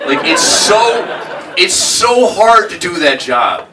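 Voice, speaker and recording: A man with a high voice does a stand-up set, speaking slowly but very animatedly as he rambles, puts himself down, and keeps saying "like" and "man." It's live comedy-club audio, with the mic picked up from afar and the crowd audible.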